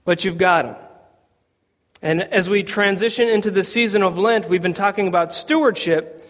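A male pastor with a notably high voice delivers a chatty, story-driven sermon, stumbling through "uh"s and restarts as he goes. His words ring out with a long church-hall reverb. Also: normal speed, a bit bright. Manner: conversational storytelling with frequent fillers and restarts. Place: church sanctuary.

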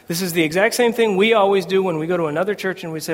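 High-voiced preacher in a reverberant hall. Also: male voice, racing, hardly any pauses. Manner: conversational preaching with humor and quoted voices. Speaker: pastor. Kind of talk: sermon. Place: church sanctuary. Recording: long reverb of a church hall.

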